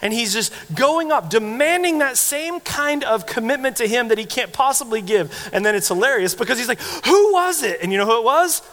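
A man preaching a sermon as pastor, telling stories with animated, acted-out quotes. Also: extremely high pitch, a little fast, hardly any pauses, big-room sound. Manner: animated storytelling, acting out quoted voices.

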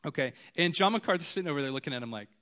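A man preaching a sermon in a loose, chatty way, animated and full of asides. His voice sits on the higher side for a man. He addresses the congregation like friends. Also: very fast. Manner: casual, animated, conversational preaching. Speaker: pastor.

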